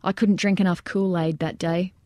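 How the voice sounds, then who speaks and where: A mentally broken male soldier speaks in a quiet, flat way, read by a woman narrator. The voice sits low and mellow, recorded dry and close for an audiobook. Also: normal speed, no room sound, natural voice. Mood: haunted. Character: weary male soldier recalling trauma.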